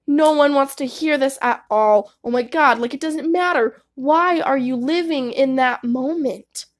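Young woman w a high voice giving blunt advice to viewers, swears a lot, says like constantly. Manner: candid, swears freely, says "like" often. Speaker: vlogger. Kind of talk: casual advice monologue.

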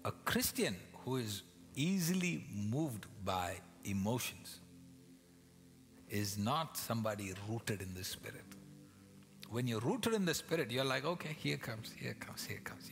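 Male pastor, dramatic sermon delivery, whispers and bursts, long church reverb with music bed. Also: on the low side. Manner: dramatic, swings between loud acted quotes and hushed whispers.

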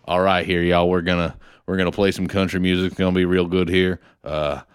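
A man's voice: deep voice, flat delivery, clear, resonant tone, no room sound, studio quality, pitched below the performer's own voice, lightly acted. A man voicing a drawling Texan good-old-boy in a hammy put-on Texas accent. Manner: hammy, slow.

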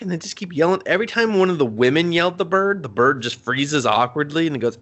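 A man co-hosting a podcast, recapping a show in casual chat, swearing a lot and rambling with animated asides. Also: a little high, fast talker, few pauses. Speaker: podcast co-host.

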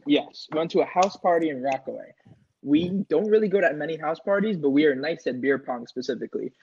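A man's voice: on the high side, animated, brisk, creaky, a little mellow, husky. A young man telling a crude party story on a podcast, acting out his friends' lines in a casual, profane way. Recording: slightly dull lo-fi sound.

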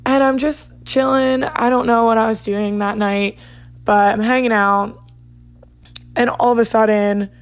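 A woman's voice: mid-range voice, no echo. A young woman casually telling a dating story, chatty and peppered with "like". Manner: chatty, says "like" a lot. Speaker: vlogger.

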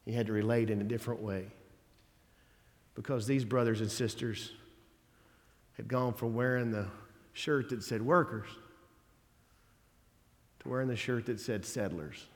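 A man's voice: medium pitch, steady tone, measured pace, long pauses. Man preaching in a reverberant church. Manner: conversational preaching with folksy asides and emphatic quotes. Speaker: pastor. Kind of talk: sermon. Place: church sanctuary.

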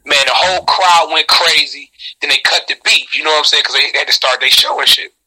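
A middle-aged man, a rapper, telling a story in a casual interview, animated and profane, jumping into high shouts when he reenacts what people said. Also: fast, slightly rough, poor audio.

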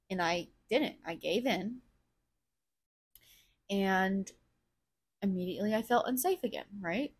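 Slow and slightly rough, her medium-pitched voice is broken by long pauses. She hosts a podcast in a frank solo monologue, cursing bluntly and raw with emotion, self-reflective as she thinks aloud about what she feels.

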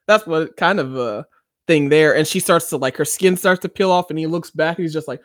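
A man co-hosting a podcast, casually recapping a TV episode with animated storytelling and loud excited outbursts. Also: a little high, fairly quick, dry recording, clean studio sound. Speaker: podcast co-host.

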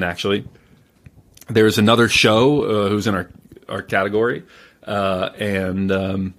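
A man speaking as a guest on a podcast, telling stories in a calm, measured way with frequent fillers and restarts. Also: lowish voice. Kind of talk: casual interview storytelling.

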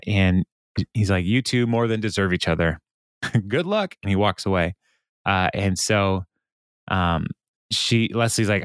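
A man hosting a podcast, recapping an episode in casual chat, laughing often and quoting characters in quick bits. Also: on the low side, clean tone, no room sound, studio quality.

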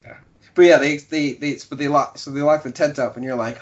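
A man co-hosting a casual podcast chat, talking loosely and acting out characters in quick quoted bits. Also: on the high side. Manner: animated, acts out game characters in quick quotes. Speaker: podcast co-host. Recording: dull lo-fi sound.

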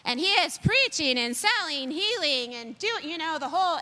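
A woman's voice: sits high, normal speed, few pauses. Woman telling a story in a reverberant hall. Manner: animated, self-deprecating storytelling. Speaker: speaker sharing a personal testimony. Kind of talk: personal storytelling.

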